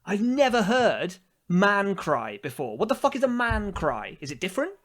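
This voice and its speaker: A man co-hosting a podcast, telling a story with animated, mocking exasperation in casual chat. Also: sits high, moderate pace. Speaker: podcast co-host.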